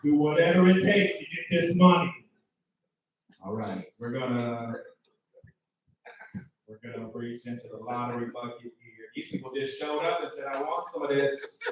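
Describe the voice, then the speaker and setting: A man's voice: mid-range voice, moderate pace, pauses often. A male host emceeing a live comedy show, hyping the crowd and announcing the next comic. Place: comedy club stage. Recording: echoey club from far off, audible noise.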